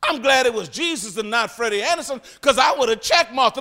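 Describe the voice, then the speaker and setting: A man preaching a sermon. He swings between loud, forceful passages and hushed ones, and acts out Bible characters as he goes. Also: extremely high pitch, animated, brisk. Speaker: pastor.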